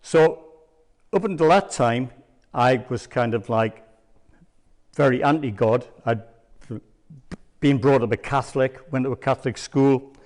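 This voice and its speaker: A man's voice: medium pitch, measured pace, long pauses, darkish tone. Rambling older man telling a story. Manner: rambling, hesitant storyteller with many ums. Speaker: church speaker. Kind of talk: sermon testimony. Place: church.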